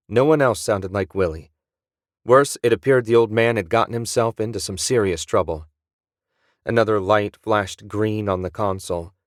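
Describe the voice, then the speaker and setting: A low-voiced man narrates a scripted audiobook in clean studio sound with no room ambience.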